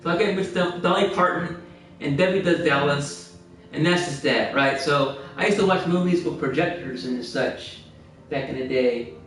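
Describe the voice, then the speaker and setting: A man's voice: a little high, moderate pace, fairly bright tone. A man livestreaming a game, rambling through old stories with frequent laughter and restarted phrases. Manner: meandering storyteller who laughs a lot and restarts phrases. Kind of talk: rambling anecdotal chat. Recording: very echoey room, distant mic.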